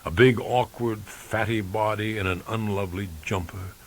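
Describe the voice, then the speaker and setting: A man reading a first-person novel aloud in a dry, measured, wry way. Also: lowish voice, steady tone. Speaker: audiobook reader. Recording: faint tape hiss.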